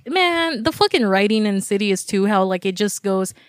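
A woman's voice: mid-range voice, expressive, normal speed, no echo. Casual woman, dry close mic. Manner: rambling, filler-heavy, swears freely. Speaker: podcast co-host. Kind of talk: casual chat.

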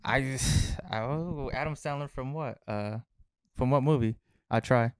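A man's voice: medium pitch, measured pace, clean tone, no room sound. A man co-hosting a podcast, bantering casually and laughing. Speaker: podcast co-host. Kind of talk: casual chat.

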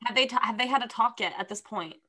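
An animated young woman firing off questions and reactions in a casual book chat. Her voice is somewhat high and very bright. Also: fast talker.

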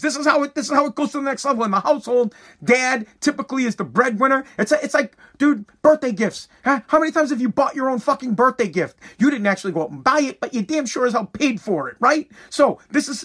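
Husky high-voiced man ranting bluntly. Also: fairly bright tone. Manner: blunt, profane, heated. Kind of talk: casual political rant.

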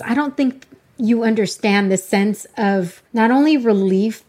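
A woman hosting a podcast, talking in a casual, effusive way. She gushes and gets emotional as she chats with her guest. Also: medium pitch. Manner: gushing, emotional, exclamatory. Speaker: podcast host. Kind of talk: casual interview chat.

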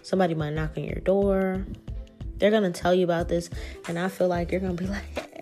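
Gravelly, mellow-voiced woman giving a casual reading. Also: lowish voice, level tone, moderate pace, faint music behind. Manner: casual and profane, acts out quoted reactions. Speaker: tarot reader.

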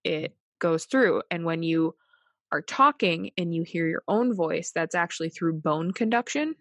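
A woman's voice: lowish voice, animated, measured pace, fairly bright tone, no echo. A woman co-hosting a podcast in casual, jokey chat, swearing freely. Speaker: podcast co-host.

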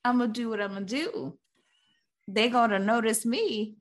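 A sassy young actress out to get noticed, as a woman puts her on with a grin. She sounds brash and playful, and her voice rides a little higher than the woman's usual talk. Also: normal speed, close to an everyday voice. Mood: cocky.

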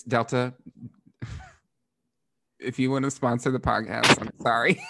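A young man from Florida, a drag performer hosting a podcast, telling stories in a casual, animated way with frequent swearing and laughter. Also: medium pitch, takes it slowly, vocal fry, pauses often. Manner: animated, profane, laughs often. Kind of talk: casual storytelling.

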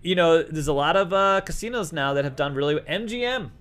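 A middle-aged man with a Boston accent hosts a loose podcast conversation. His voice sits a little high for a man. He rambles, jokes and keeps breaking off his own sentences to start again. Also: animated, brisk, a bit bright. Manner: rambling, jokey, self-interrupting. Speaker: podcast host. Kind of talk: casual chat.

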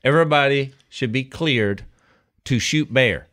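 A man co-hosting a podcast in casual chat, telling stories in an animated, emphatic way. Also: medium pitch, unhurried. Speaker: podcast co-host.

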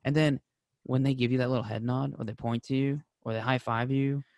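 A young man and podcast co-host in casual chat. He tells stories with animated energy, jumping into high excited voices when quoting people and dropping soft and low on heavier moments. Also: brisk, vocal fry, no echo, studio quality.

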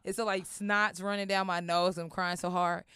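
Animated, swearing woman telling a story. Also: fairly low pitch, moderate pace, clean tone, dry recording, studio quality. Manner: animated, acts out voices in quotes, swears freely. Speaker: comedian guest. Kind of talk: comic storytelling in an interview. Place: recording studio.

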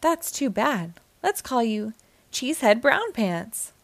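A woman's voice: fairly high pitch, big pitch swings, slow pace, creaky, dry recording, exaggerated voice. A woman voicing a friendly fish townsperson in a cartoon storybook, asking plain, friendly questions.

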